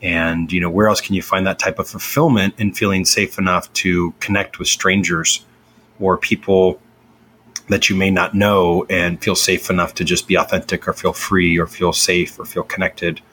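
A man's voice: sits low, level tone, normal speed, fairly bright tone, husky. A middle-aged man hosting a show, telling a personal story in an earnest, rambling way with many fillers and restarts. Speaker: podcast host.

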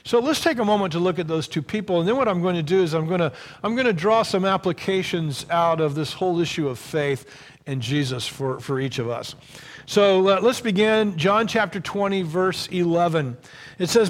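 A pastor preaching a sermon, reading scripture aloud and then retelling the story in a relaxed, conversational way. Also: male voice, high-pitched, moderate pace. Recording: long reverb of a large hall.

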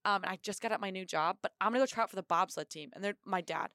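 A young American woman, a Marine officer and athlete, telling her story in a casual podcast interview with lively energy and acted-out quotes. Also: medium pitch, rapid-fire, no room sound, studio quality. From United States. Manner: energetic, upbeat storyteller who acts out quotes.

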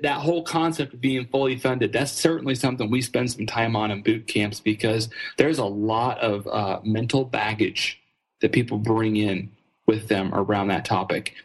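A man with a slightly husky, breathy voice, speaking as a guest trainer. He tells stories earnestly and with animation, often restarting his sentences. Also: medium pitch. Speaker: ministry fundraising trainer, guest. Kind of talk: conversational storytelling interview.

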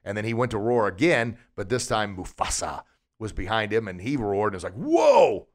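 Fairly low in pitch and brisk in pace, a podcast host gives a lively motivational talk from the viewpoint of a martial arts instructor, asking listeners plenty of rhetorical questions.

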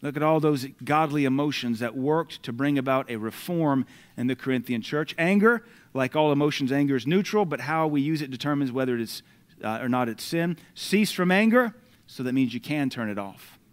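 Fairly quick and clean in tone, an American man's mid-range voice carries a sermon in which he reads scripture aloud with loud, emphatic bursts. He breaks off between verses for conversational asides.

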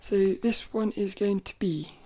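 A woman hosting a casual solo podcast, chatting playfully with many restarts and sometimes reading aloud from a children's book. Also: medium pitch. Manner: chatty and playful, with frequent self-corrections; reads quoted passages louder and slower. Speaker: podcast host.

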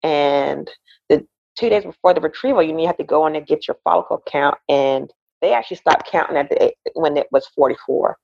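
A woman in her forties, a podcast guest, telling a personal story in a lively way and acting out the voices of the people in it. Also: deep voice, a little fast, creaky, dry recording, muffled recording. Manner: animated storyteller, acts out quoted voices, laughs often. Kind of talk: casual interview storytelling.

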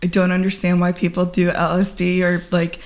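A woman guest speaking candidly and earnestly in conversation, halting often and filling pauses with "like.". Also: on the low side, completely flat delivery. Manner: earnest, halting, full of "like" fillers. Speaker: podcast guest. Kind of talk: candid personal account in conversation.

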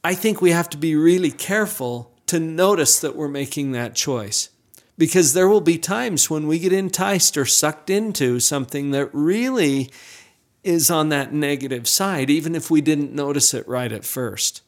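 A man hosting an interview, speaking in a reflective, deliberate way. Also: on the high side, animated. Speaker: host. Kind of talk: interview conversation.

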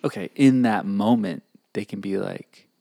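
A young man co-hosting a podcast in casual chat, joking and playful, sometimes dropping to quiet asides. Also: fairly low pitch, unhurried, gravelly. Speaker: podcast co-host.

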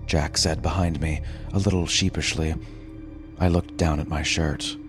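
A man reading a first-person story aloud in a measured, dramatic narrating voice. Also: very deep voice, steady tone. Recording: narration over background music.

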